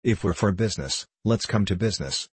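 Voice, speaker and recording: A man's voice: lowish voice, expressive, a little fast, no room sound. A man reading the lines of a hulking, brutish male convict who growls slangy threats. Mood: savage. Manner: savage, gruff, slangy threats.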